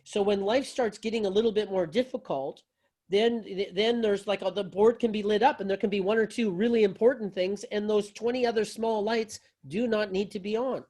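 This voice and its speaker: A man's voice: high-pitched, steady tone, normal speed, darkish tone. A man teaching yoga philosophy to a class, talking loosely and conversationally, with folksy phrasing and frequent restarts.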